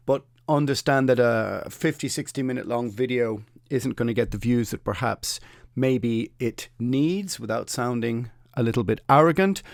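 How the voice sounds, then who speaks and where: Gravelly Irish man ranting. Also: mid-range voice, no echo, studio quality. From Ireland. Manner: opinionated, sardonic, with mocking asides. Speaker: podcast host. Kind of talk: solo podcast rant.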